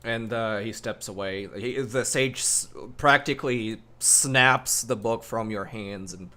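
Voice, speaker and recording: A man's voice: on the low side, measured pace, bright, forceful tone. A man narrating as game master of a tabletop game, improvising loosely with many ums and restarts. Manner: loose, filler-heavy with frequent ums.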